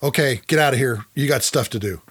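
A man's voice: mid-range voice, quick pace, a bit bright, breathy edge. A man quoting his blunt wing commander in a curt, commanding tone while telling his story. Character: blunt male wing commander giving orders.

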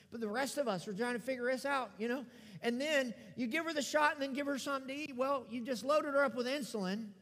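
A middle-aged American man preaching a sermon, telling a personal story with acted-out dialogue, rising loud then dropping to a hush. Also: very high-pitched. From United States. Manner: animated storyteller, acts out dialogue, swings from loud to hushed. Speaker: pastor. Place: church sanctuary. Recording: long reverb of a large church hall.

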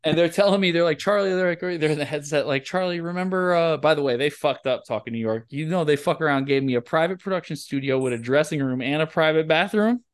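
A man hosting a podcast who swears freely while telling animated stories. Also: a little high, quick pace, few pauses. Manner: profane, animated storyteller. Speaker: podcast host. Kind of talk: casual storytelling chat.

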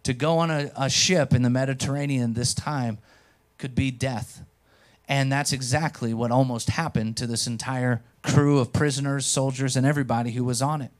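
A pastor preaching a sermon, telling stories with animation and speaking directly to the congregation. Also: male voice, mid-range voice, moderate pace. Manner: animated storytelling, acts out quotes. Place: church.

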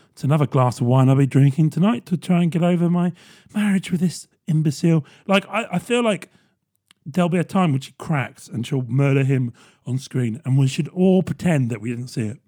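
A young man, ranting casually and sarcastically, swearing and mocking people in put-on voices. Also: a little high. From England.

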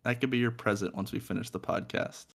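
A man's voice: medium pitch, steady tone, fast, vocal fry, fairly bright tone. A young man co-hosting a casual music podcast from a room at home, joking, swearing and laughing often. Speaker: podcast co-host.

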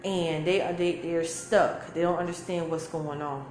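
A woman's voice: lowish voice, fairly even intonation, a little slow, darkish tone, a little hiss or hum. A woman, giving an emphatic, preachy spiritual talk full of repeated phrases. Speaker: spiritual teacher. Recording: echoey room with faint music.

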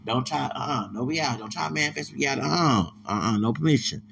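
A man's voice: medium pitch, animated, fast talker, vocal fry, a bit bright, a little hiss or hum. A man talking on his podcast in a casual, rambling monologue, emphatic and often stumbling over repeated words. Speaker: podcast host.

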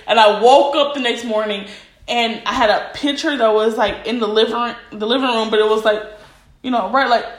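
Twenties woman, high voice, rambly casual slang, giggly, echoey room. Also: fairly even intonation, fairly quick. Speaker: podcast co-host. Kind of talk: casual chat.

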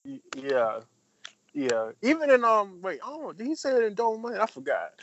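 A man rambling through a film recap in loose, profane casual chat and slipping into voices for the characters. His voice sits a bit high and comes through a dull, lo-fi recording. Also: wildly swooping pitch, normal speed, a bit bright, slight background noise.

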